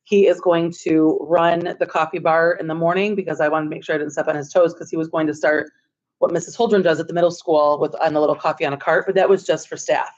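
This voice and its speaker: A woman school administrator telling the school board a story in a chatty, excitable way, filling her talk with "like". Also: low voice, quick pace. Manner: chatty and excitable, heavy use of "like". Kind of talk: storytelling report at a board meeting. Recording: dull, muffled meeting audio.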